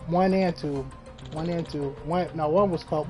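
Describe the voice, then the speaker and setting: A game streamer chatting casually and telling stories in an animated, rambling way, with lots of slang and swearing. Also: medium pitch, moderate pace, soft background music, rough recording. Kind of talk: casual chat while streaming.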